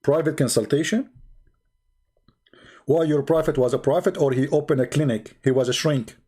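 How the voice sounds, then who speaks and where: A man's voice: on the high side, moderate pace, warm tone, husky. A man hosting a livestream, mocking and taunting a critic with repeated rhetorical questions as he talks to viewers. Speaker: online debate host. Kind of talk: livestream commentary addressing viewers.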